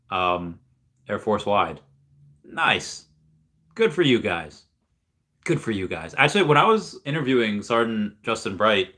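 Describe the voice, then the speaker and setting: A man's voice: fairly low pitch, sharp tone. Upbeat young man hosting a livestream. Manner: rambling, upbeat, reads viewer comments aloud. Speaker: livestream host reading chat. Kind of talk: casual livestream chat.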